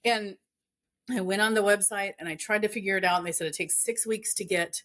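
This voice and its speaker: A woman's voice: mid-range voice, a little fast, a bit bright. Earnest woman telling a story. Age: 40s. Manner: earnest, storytelling, faith-filled, many fillers. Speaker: entrepreneur guest. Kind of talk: casual interview chat.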